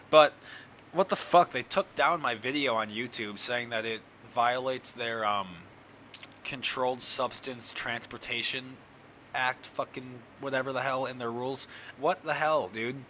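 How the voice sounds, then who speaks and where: Bright-voiced man ranting sarcastically. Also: medium pitch, slight background noise. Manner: rambling, profane, sarcastic. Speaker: comedian host. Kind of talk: casual rambling monologue. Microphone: camera recording.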